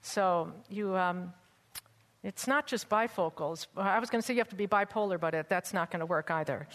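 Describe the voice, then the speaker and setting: A woman's voice: fairly low pitch, normal speed, a bit bright. A woman teaching a class on church music and hymnals, chatty with teasing asides and breaking into chant and song for examples. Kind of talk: hymnal lecture with sung examples. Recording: long hall reverb.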